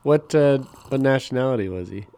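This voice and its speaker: A man's voice: mid-range voice, expressive, fairly quick, warm tone, clean tone. A man chatting casually as a podcast co-host, laid-back and sweary, riffing on his partner's jokes. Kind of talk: casual chat.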